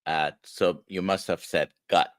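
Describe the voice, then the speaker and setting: A man with a Spanish accent hosting a livestream interview, talking in halting bits and repeating words. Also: low-pitched, steady tone, dry recording, clean studio sound. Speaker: host.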